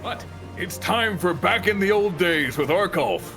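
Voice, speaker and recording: A man explaining game lore to his friends on voice chat, with a lively, animated delivery that swings up and down. Loud game music plays beneath his voice. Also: sits high, a little slow. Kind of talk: live stream banter.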